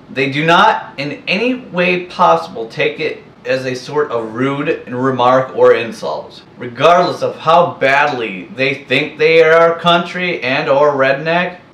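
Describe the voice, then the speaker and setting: A man delivers a blunt, scornful and profane rant straight to his viewers, at a mid-range pitch. His voice reaches the mic from a few steps away and rings around an echoey room. A faint hiss sits under the whole recording. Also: fairly bright tone, recorded from a distance. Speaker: vlogger. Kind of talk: ranting monologue to camera.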